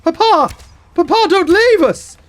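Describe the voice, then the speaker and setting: A man's voice: lively intonation, a little slow, a bit bright, exaggerated voice. A man voicing a crowd of skeleton children who melodramatically beg their dragon father not to leave them. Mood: desperate pleading. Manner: shrill, melodramatic pleading.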